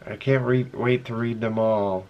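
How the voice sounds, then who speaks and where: A middle-aged man casually chatting as he opens fan mail, earnest and emotional, halting with many fillers and reading letters aloud slowly. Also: medium pitch, steady tone, dull audio. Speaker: vlogger opening fan mail. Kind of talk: casual chat.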